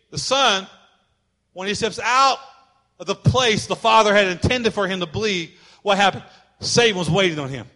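A male pastor delivering a sermon, emphatic and repetitive, at times shouting. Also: sits high.

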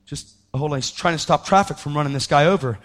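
Man, preacher, sermon testimony, high voice, animated, acts out quoted voices. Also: fast. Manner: animated, acts out quoted voices, pitch jumping up when excited.

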